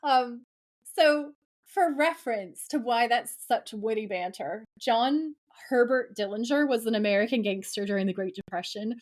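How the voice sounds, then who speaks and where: A woman co-hosting a podcast, recapping a TV episode in casual, animated chat full of laughs and "like" fillers. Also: fairly high pitch, moderate pace. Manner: animated, giggly, frequent "like" fillers. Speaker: podcast co-host.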